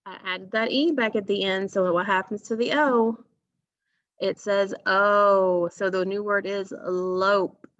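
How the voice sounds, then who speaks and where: A woman teacher with a medium-pitched voice leads young children through a phonics lesson, going very slowly and stretching out each word so they can hear the sounds. She is deliberate and encouraging. The audio is dull and lo-fi, dry and close with no room echo.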